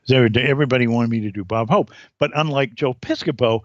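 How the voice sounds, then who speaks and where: A man guest on a podcast, telling anecdotes in an animated way and acting out the voices. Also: mid-range voice, fast, highs cut off. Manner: animated storyteller, acts out voices. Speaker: comedian guest.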